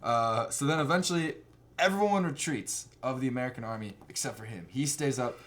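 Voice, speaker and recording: A man casually recapping films for a co-host, rambling and slipping into quick silly voices for the characters. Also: medium pitch, a bit bright. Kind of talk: casual chat recapping movies.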